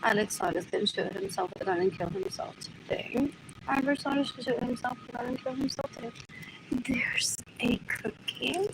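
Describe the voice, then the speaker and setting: A woman speaks fairly quickly in a slightly high voice, and the audio is very noisy. She rambles on a livestream from her apartment, asking one short question again and again and flipping between Spanish and English mid-sentence.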